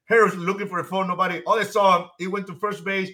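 A man in his sixties tells locker-room stories with animated, profane energy. His voice sits high and sounds bright and forward. He laughs through his own punchlines. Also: fast talker. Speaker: guest, former baseball manager. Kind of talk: casual storytelling.

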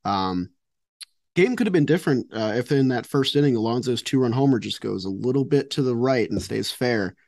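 A man's voice: medium pitch, lively intonation, brisk, gravelly, darkish tone, dry recording. Easygoing man with a dry sound. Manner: easygoing, wry asides. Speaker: podcast co-host. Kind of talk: casual sports chat.

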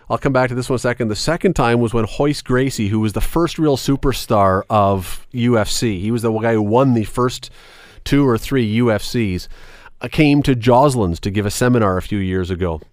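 A man's voice: mid-range voice, no room sound. Man telling stories, dry room. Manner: storytelling, laughs often. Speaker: podcast host. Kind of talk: casual chat.

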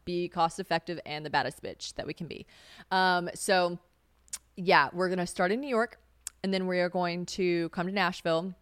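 This is a young woman from South Carolina chatting alone on her podcast, gossipy and full of attitude, laughing and cursing as she goes. Her voice sits slightly low and comes through smooth and clean. The recording is dry and close, with no room sound. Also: no room sound. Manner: chatty, sassy, swears freely, laughs often. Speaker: podcast host. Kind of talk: casual solo chat.

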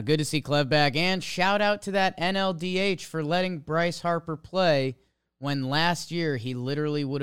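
A man co-hosting a casual sports podcast, giving upbeat shout-outs. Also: medium pitch, clear, resonant tone, dry recording, clean studio sound. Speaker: podcast co-host.

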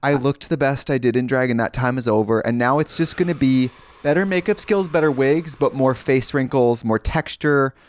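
A man co-hosting a casual comedic chat, campy and bawdy, riffing fast with sudden shrieks. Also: mid-range voice, a little hiss or hum. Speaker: co-host.

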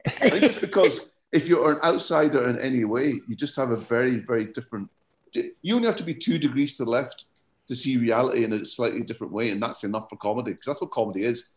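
Scottish man, faintly English-tinged, chatty. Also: medium pitch. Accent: slightly English-tinged Scottish. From Scotland. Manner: animated storyteller, quick asides, chuckles. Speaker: comedian guest. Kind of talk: casual podcast chat.

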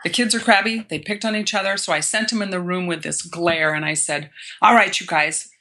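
Bright-toned woman telling a family story. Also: on the low side, steady tone, fairly quick. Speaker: parenting podcast host. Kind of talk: casual chat.

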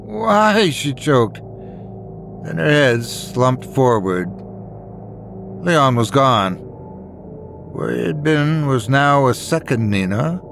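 A man reading scary stories as a dramatic, expressive narrator. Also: medium pitch. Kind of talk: scripted horror story narration.

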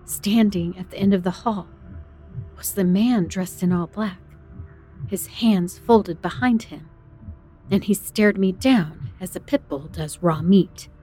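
A woman reads a first-person horror tale aloud, building tension with dramatic delivery. Her voice sits at a middle pitch. Soft music plays faintly underneath. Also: slow, husky. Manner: dramatic, tense storytelling. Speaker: narrator.

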